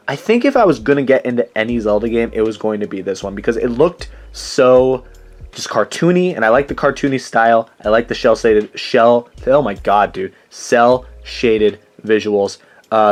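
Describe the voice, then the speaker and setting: A young man hosting his own channel, chatting casually and rambling through his game collection, often correcting himself mid-sentence. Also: medium pitch. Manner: rambling, chatty, self-correcting with many fillers. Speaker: channel host.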